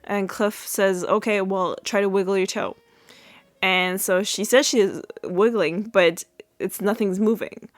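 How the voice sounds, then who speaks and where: A young woman hosts a podcast, recapping a sitcom episode in a chatty way full of fillers and restarts, laughing at her own retelling. Her mid-range voice is fairly even in intonation and a little slow, and the recording is dry.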